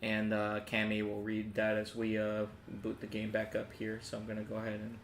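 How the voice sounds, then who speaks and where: A man's voice: lowish voice, monotone, normal speed, echoey room, slight background noise. A man hosting a casual game livestream in an upbeat, chatty way, often laughing. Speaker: let's-play streamer.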